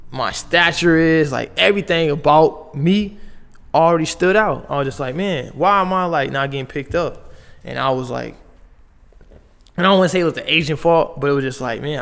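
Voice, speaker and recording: With long reverb on his slightly high, creaky, somewhat bright voice, a young podcast guest from Las Vegas, United States, recounts his story. He keeps it casual and slangy, peppering it with "like" and "bro."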